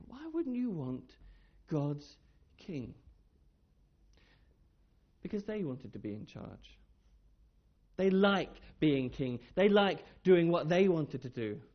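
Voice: mid-range voice, takes it slowly, long pauses, lo-fi sound. A speaker giving a children's talk in church, telling a Bible story and asking the children questions. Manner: lively, asks the children questions. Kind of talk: children's sermon.

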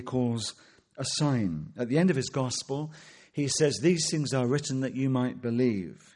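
A man preaches a sermon, his pitch rising and falling as he works through rhetorical questions and quoted scripture. His voice is slightly husky, and he talks at a measured, expository pace. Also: a little mellow.

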